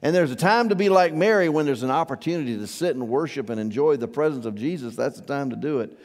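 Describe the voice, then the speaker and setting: A man's voice: medium pitch, animated, fast talker, a little mellow, long reverb tail. A man preaching a sermon as pastor, conversational and asking his congregation questions. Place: church hall.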